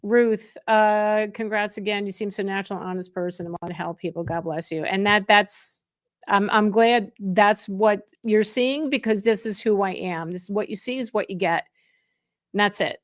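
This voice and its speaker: A woman's voice: mid-range voice, normal speed, no echo, clean studio sound. A middle-aged woman hosting a real estate live stream, chatting with viewers in an effusive, chatty way and often restarting her sentences. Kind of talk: casual live stream chat.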